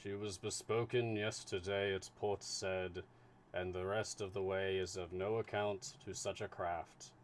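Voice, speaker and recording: A man voicing a calm, patient consul in a live reading of a classic novel, speaking slowly and measured. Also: a little hiss or hum. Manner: slow, low and measured.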